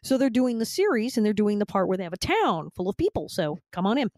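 A woman's voice: medium pitch, quick pace, dry recording, clean studio sound. A woman in her fifties, a guest actress, telling anecdotes animatedly and laughing often. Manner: animated, laughing often, quoting others with exaggerated tones. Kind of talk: anecdotal storytelling.

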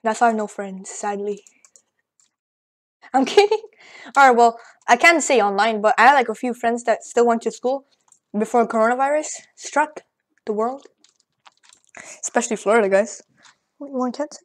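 A woman rambling excitedly through casual gameplay commentary, out of breath and joking as she goes. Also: on the high side, normal speed, long pauses. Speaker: gaming channel host. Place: at home at a computer.

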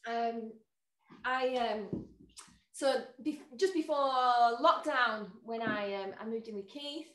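A woman tells a story in a rambling, easygoing way, often circling back and restarting. Her voice sits fairly high. She sounds echoey and some distance from the mic on a video call. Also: takes it slowly, a bit bright. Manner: rambling, full of fillers and restarts.

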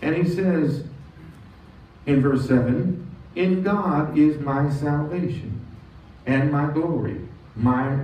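Preaching as pastor in a church sanctuary, a man with a warm, mid-range voice draws key words out slowly and leads the congregation in call-and-response. Expect a distant, echoing church sound, muffled lo-fi quality and light noise.

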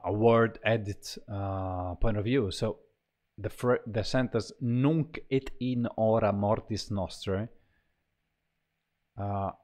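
A man walks through a choir sample library, talking casually and haltingly with many fillers and restarts. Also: fairly low pitch, a little mellow. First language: Italian. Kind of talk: casual software walkthrough.

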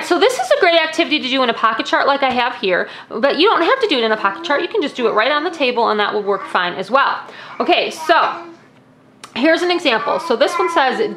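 A woman's voice: on the high side, fairly bright tone. A young woman casually demonstrating classroom activities, explaining each step with friendly "um"s.

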